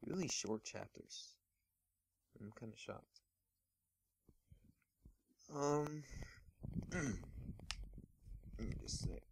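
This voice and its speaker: A man's voice: medium pitch, expressive, drawn-out words, creaky, pauses often. A man casually reading fan fiction aloud at home, amused, chuckling and stumbling over words as he goes.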